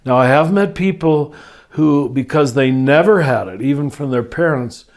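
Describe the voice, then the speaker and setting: An older man, a spiritual teacher, answering listener questions in a gentle, unhurried and reflective podcast conversation. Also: on the high side, expressive.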